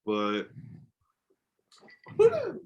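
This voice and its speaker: Man, podcast co-host, lively pitch, joking, casual chat. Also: very slow, lo-fi sound. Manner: joking, swears then laughs at himself.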